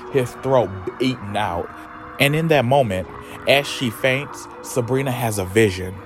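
A man retelling a story in a dramatic, chatty, profane way. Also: fairly low pitch. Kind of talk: casual storytelling recap.

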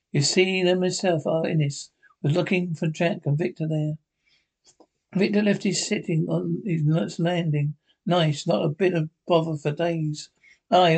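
Actors playing cheeky, bickering older Scottish pensioners in a broadcast sitcom, trading sweary banter. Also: male voice, a little high, a little mellow.

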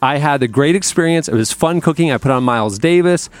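A man's voice: a little high, lively intonation, a little fast, no room sound, soft background music. Chatty enthusiastic male podcast host. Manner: chatty, enthusiastic storyteller with restarts. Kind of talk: casual chat and host-read ad. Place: studio.

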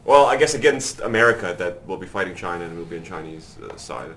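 A man's voice: low voice, lively intonation, fast talker, a bit bright. Crude joking young man. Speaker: podcast host. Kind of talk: casual chat.

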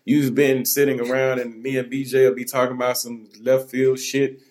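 A man hosting a podcast in casual chat, halting and repeating words as he reassures his guest. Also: mid-range voice, flat delivery, darkish tone. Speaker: podcast host.

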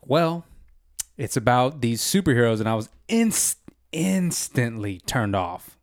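A man's voice: mid-range voice, sing-song, a little slow, dry recording, studio quality. A man chatting casually about a TV show, laid-back, saying "dude" and "man" and swearing freely. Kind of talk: casual chat.

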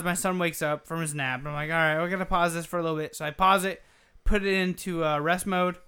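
A man's voice: high voice, clean tone. A man co-hosting a gaming podcast, telling a long story in casual chat, swearing freely and acting out quotes as he goes. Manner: profane, animated storytelling with acted quotes. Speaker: podcast co-host.

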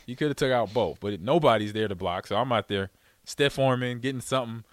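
Here the former pro footballer, middle-aged, talks briskly at a medium pitch with no room sound. His storytelling is casual and lively, full of impressions of others and frequent laughter.

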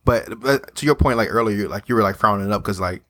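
A man's voice: fairly low pitch, a little fast, fairly bright tone. A man co-hosting a casual podcast chat in a laid-back, teasing way. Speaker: podcast co-host.

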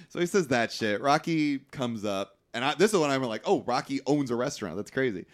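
A man tells a movie's story to his co-host, his pitch swinging widely as he acts out the characters. He swears casually. The talk is loose and conversational. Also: big pitch swings, a little fast. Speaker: podcast co-host. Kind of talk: casual movie recap chat.

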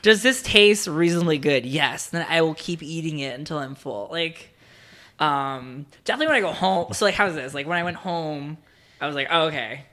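A young man from South Jersey talks as a podcast guest. His voice is bright and a touch high. He rambles casually, packing his talk with fillers and restarts. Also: fairly quick. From South New Jersey. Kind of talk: casual chat.

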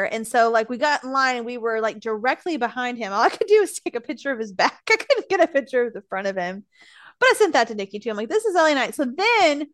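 Chatty woman telling a story, lively pitch. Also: no echo. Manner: chatty, lots of "like", laughs while telling stories. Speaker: podcast co-host. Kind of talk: casual chat, storytelling.

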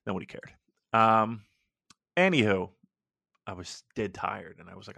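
A man's voice: lowish voice, moderate pace, gravelly, pauses often, dry recording, studio quality. A man co-hosting a podcast, telling stories animatedly and swearing freely. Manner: swears a lot, animated storyteller. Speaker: podcast co-host. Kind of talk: casual podcast chat.

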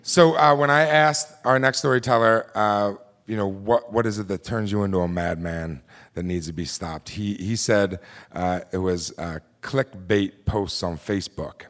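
A man with a low voice tells a story live on a theater stage. He talks intensely and acts out the quotes with drama. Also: normal speed, fairly bright tone. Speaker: host and storyteller.

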